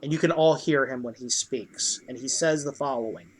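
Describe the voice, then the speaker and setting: A man narrating as dungeon master in a tabletop role-play game, loose and halting with many fillers. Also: medium pitch, breathy edge.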